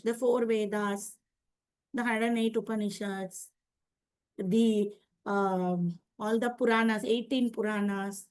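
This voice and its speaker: A woman with an Indian English accent giving a scripture class, explaining through parables and strings of rhetorical questions. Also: sits high. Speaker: spiritual teacher.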